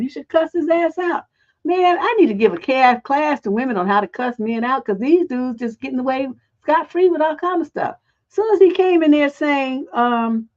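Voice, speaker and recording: A woman's voice: high-pitched, animated, a little fast, darkish tone, muffled recording. A woman relationship coach on a livestream advice show, talking bluntly with heavy profanity.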